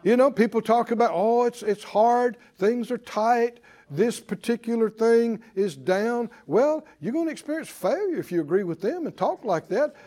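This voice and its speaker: A man preaching a sermon in a high-pitched voice. He drives home lines by repeating them emphatically and calls on listeners to respond. At times he eases into a quieter, conversational telling. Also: animated, normal speed. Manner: emphatic, repeats declarations for the congregation.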